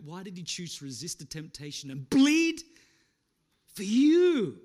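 Man, pastor preaching, fairly high voice, dramatic, loud to hushed. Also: sing-song, normal speed. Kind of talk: sermon.

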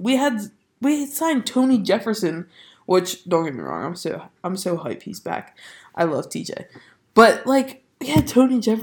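A young woman from the Baltimore area hosting a casual podcast, stuffy and nasal, rambling excitedly and swearing casually. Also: a little high. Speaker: podcast host. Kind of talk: casual chat. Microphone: studio mic.

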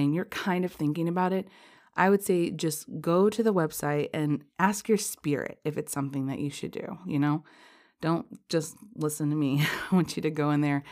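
Casting note: low-pitched woman podcast host, heavily pregnant, rambling and chatty, quick to laugh. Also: darkish tone. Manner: chatty, rambling, many fillers, laughs often. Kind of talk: casual spiritual podcast chat.

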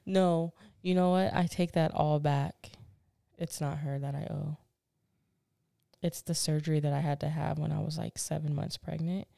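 Gravelly low-voiced woman telling a blunt story. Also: normal speed, no echo, studio quality. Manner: animated, blunt storyteller who swears and laughs at herself. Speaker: podcast co-host. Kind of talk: casual chat.

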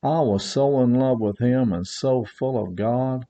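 An earnest male preacher delivering a revival sermon with a warm, mellow tone. He drives his points home by repeating phrases and tells stories from his own life. The recording is a little dull and lo-fi. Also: mid-range voice, a little slow.

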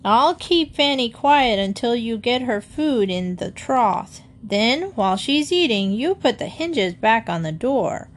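A woman's voice: fairly high pitch, lively intonation. A woman voicing a bossy, prim talking bird that scolds a boy. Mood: scolding. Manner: scolding, brisk.

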